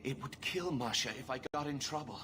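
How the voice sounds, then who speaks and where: A man's voice: medium pitch, expressive, fairly quick, bright, forceful tone. A man voicing an earnest young male templar in a video game who pleads urgently for a reform cause, with game music behind him. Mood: pleading.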